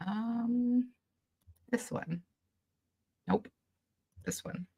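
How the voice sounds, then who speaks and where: Gravelly woman ranting on a livestream. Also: a little high, extremely slow, dark tone, dry recording. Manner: angry, profane, blunt. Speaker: YouTube commentary host. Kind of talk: live-stream commentary.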